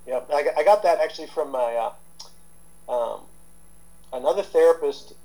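A man in his fifties speaks as an interview guest, his voice dark and mellow. He rambles through his points in a relaxed way, full of "um"s and restarts, sounding like a seasoned therapist. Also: on the high side, moderate pace, poor audio. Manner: rambling, with many fillers and restarts. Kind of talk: casual interview talk.

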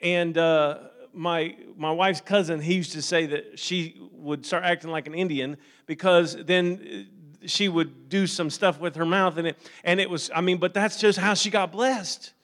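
A man's voice: high-pitched, steady tone, a little slow, a bit bright. A middle-aged male pastor preaching a sermon, conversational at first and then rising into fervent preaching.

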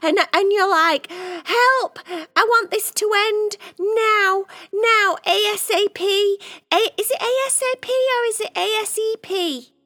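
Woman as a gushing, over-the-top cat girl for a kids' bedtime story; bright, high and bouncy. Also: slow, exaggerated voice. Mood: dramatic. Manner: dramatic, gushing and exaggerating. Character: dramatic, fibbing female cat who exaggerates.

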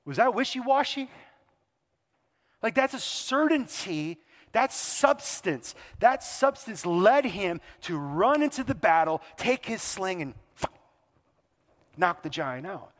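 Guy preaching, pretty high voice, lots of back-and-forth questions, big echoey hall. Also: slow pace. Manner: animated, rhetorical questions, acts out quoted voices. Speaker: pastor. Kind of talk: sermon. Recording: long hall reverb.

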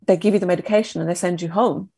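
Gravelly-voiced woman sharing her story. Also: fairly low pitch, steady tone, dark tone, no echo. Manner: emotional, halting, reflective. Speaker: guest. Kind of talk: candid personal storytelling.

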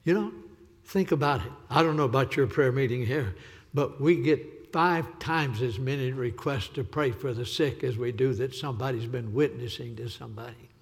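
This visiting evangelist's sermon rings out in a reverberant church hall as he pleads, repeating himself with fervor. His voice is medium-pitched and his pace moderate.

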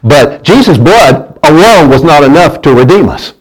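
A preacher man with a somewhat high voice delivers a folksy sermon. He keeps asking his congregation for answers and trips over and repeats his words as he pushes his point. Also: expressive, moderate pace, breathy edge, rough recording. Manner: folksy preaching with call-and-response and stumbling restarts. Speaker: pastor.

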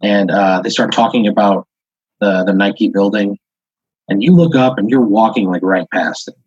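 Rambling low-voiced husky man narrating. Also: normal speed, darkish tone, no echo. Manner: rambling, full of "like" and "uh" fillers. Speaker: podcast host. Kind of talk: second-person improvised storytelling. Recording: dull lo-fi audio.

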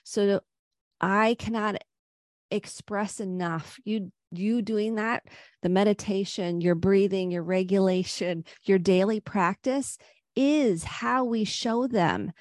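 A middle-aged woman psychotherapist, a podcast guest, gives earnest, gentle advice on parenting and anxiety. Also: mid-range voice, slow pace, no echo, clean studio sound. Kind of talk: podcast interview.

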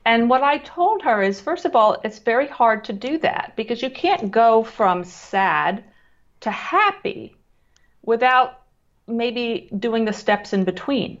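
A woman guest speaking calmly and at a measured pace, explaining her work with children, with frequent fillers and restarts. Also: on the high side. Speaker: guest who works with children on emotions. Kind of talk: explanatory interview talk. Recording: slightly dull lo-fi audio.

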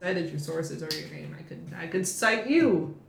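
A woman's voice: sits low, animated, moderate pace, creaky, slight background noise. A woman co-hosting a podcast, chatting casually and reading out trivia with a wry tone. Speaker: podcast co-host. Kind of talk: casual chat. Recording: roomy echo.

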